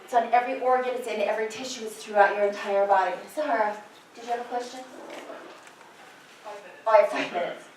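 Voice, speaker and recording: A woman's voice: a little high, fairly even intonation, fast talker, pauses often, a little hiss or hum. A middle-aged woman, a nurse, lecturing nurses in an impassioned, personal way. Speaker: nurse educator. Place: large lecture hall. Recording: very echoey hall, from far off.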